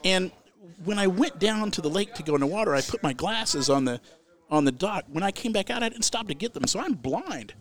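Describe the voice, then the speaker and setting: Brief: older man, comic storyteller, animated, loud bursts at the punchlines. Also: high-pitched, brisk. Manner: animated, frequent restarts, rises loud at the punchlines.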